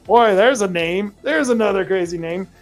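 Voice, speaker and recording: A man's voice: high voice, moderate pace, faint music behind. A male podcast host with a rural American accent, talking casually to listeners in a rambling way full of fillers and restarts.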